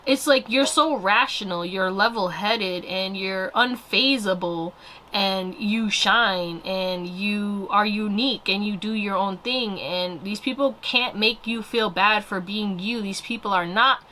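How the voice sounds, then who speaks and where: A woman's voice: medium pitch, unhurried, sharp tone, a little hiss or hum. A woman giving a casual pick-a-card tarot reading, rambling and swearing freely with lots of fillers. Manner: rambling, profane, filler-heavy. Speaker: tarot reader.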